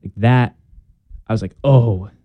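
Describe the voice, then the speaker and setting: A young man talking as a guest in a casual conversation, earnest and halting, with many restarts and fillers. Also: on the low side, no echo, phone-quality sound.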